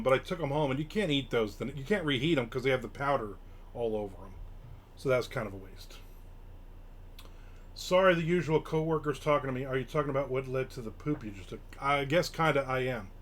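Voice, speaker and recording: Rambling, chatty middle-aged man. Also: mid-range voice. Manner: rambling, many fillers, bursts of excitement. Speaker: live stream host. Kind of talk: casual chat, reading and answering chat.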